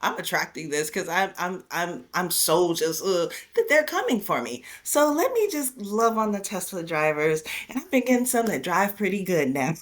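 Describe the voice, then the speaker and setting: A woman hosts a casual podcast conversation, quick to laugh and often stumbling into restarts. Her voice sits low for a woman. It moves up and down in a very lively way. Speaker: podcast host.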